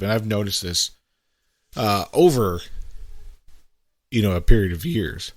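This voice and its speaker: A middle-aged man hosts a podcast in a casual, reflective monologue, sprinkling in "right?" asides and acting out quotes conversationally. His low-pitched voice is captured in a dry, clean studio recording.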